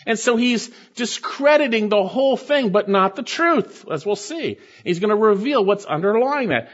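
A male pastor delivers an expository sermon in a high voice that swings widely in pitch. He stresses key phrases by repeating them. The recording sounds muffled and lo-fi. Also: animated, normal speed, hardly any pauses, a bit bright.

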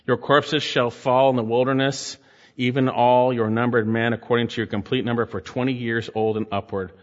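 Preacher man exhorting in an echoing hall. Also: mid-range voice. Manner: exhorting, reads scripture aloud and comments. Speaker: pastor. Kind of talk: sermon with scripture reading. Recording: muffled sound in a reverberant hall.

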